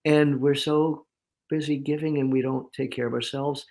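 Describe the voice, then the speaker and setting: A man as an interview guest, talking in an animated way and acting out inner voices in quotes. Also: medium pitch, normal speed, creaky. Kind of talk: casual interview talk.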